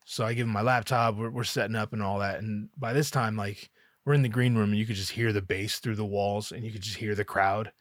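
A man's voice: lowish voice, fairly even intonation, brisk, no room sound, clean studio sound. Candid, swearing man telling a story. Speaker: rapper. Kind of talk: casual personal storytelling.

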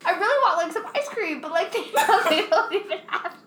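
Animated young woman, bright and roomy. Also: extremely high pitch, a little fast, slight background noise. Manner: animated, swears often, laughs while telling. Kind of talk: casual storytelling chat. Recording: roomy echo.

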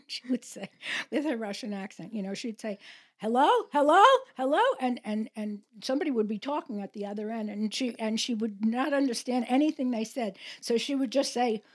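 A woman's voice: fairly high pitch, a little fast, darkish tone. An older woman in casual chat with her daughter, telling stories and acting out the voices she quotes. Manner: storyteller, acts out quoted voices. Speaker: mother of co-host.

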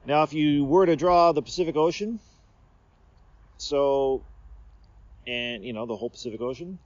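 A man's voice: on the high side, normal speed, darkish tone, no room sound. Rambling man podcasting outdoors. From Seattle area, USA. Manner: meandering, self-interrupting, playful. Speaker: podcast host. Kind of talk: rambling casual monologue. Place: outdoors under a tree. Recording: slightly dull recording.

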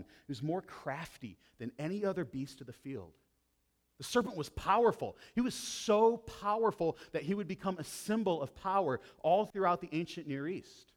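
A man preaching a sermon as a pastor, with dramatic swings between loud emphasis and hushed intensity. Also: fairly high pitch.

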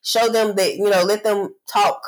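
A woman's voice: medium pitch, fairly even intonation, measured pace, rough recording. A woman co-hosting a casual podcast, talking reflectively in long winding sentences full of "you know". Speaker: podcast co-host.

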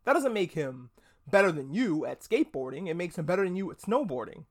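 Podcast host, casual review monologue, gushing and profane. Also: medium pitch. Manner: chatty, swears freely, restarts words; excitable, gushing.

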